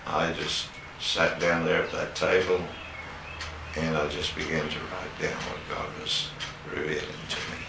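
Deep voiced preacher guy, slow emphatic sermon, roomy echo, faint hum behind. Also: vocal fry. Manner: slow, emphatic preaching with rises on key words. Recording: echoey room with faint ambience.

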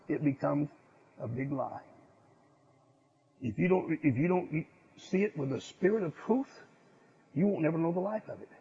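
Man preaching, husky voice, fairly high pitch, dull lo-fi recording. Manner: swings from loud emphatic declarations to low hushed asides. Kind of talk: sermon. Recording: dull lo-fi sound.

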